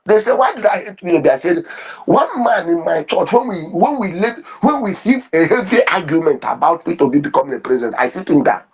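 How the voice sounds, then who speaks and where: A man's voice: fairly high pitch, expressive, fairly quick, breathy edge. A man giving impassioned, fervent commentary, repeating himself and restarting his sentences. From Nigeria. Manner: fervent, repetitive, stumbling restarts. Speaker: online commentator.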